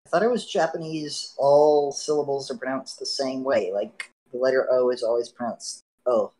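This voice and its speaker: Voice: medium pitch, fairly even intonation, normal speed, mellow, low-quality recording. A host leads a casual podcast chat and moves it along from topic to topic. The host's playful streak comes out in teasing repetitions.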